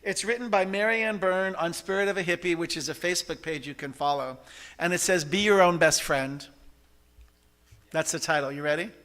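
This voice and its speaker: Male church service leader, bright, a little high, animated and chatty with shouting bursts. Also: moderate pace. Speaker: practitioner leading a service. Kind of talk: sermon. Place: church sanctuary.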